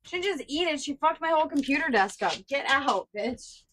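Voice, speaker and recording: A woman's voice: high-pitched, animated, normal speed, a bit bright, slight background noise. A woman co-hosting a casual livestream chat from her home, laughing, swearing and scolding her dogs. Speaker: co-host. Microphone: headphones and desk mic.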